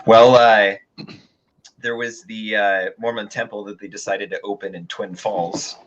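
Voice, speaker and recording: A man's voice: fairly low pitch, fairly even intonation, a little slow, lo-fi sound. A man as a guest in a casual chat, telling stories with many fillers and restarts. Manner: rambling, hesitant with many fillers.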